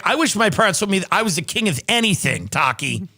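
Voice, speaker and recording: A man's voice: on the high side, sing-song, fairly quick, gravelly, bright, forceful tone. A man hosting a comedy podcast, reading news aloud and breaking off for sarcastic jokes. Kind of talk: casual comedic commentary.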